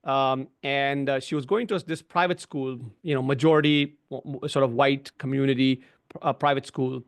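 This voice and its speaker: A man's voice: medium pitch, fairly even intonation, normal speed, clear, resonant tone. A middle-aged man on a video call giving an explanatory webinar talk, often tagging "right?" and "you know". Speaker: webinar guest. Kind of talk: conversational webinar discussion.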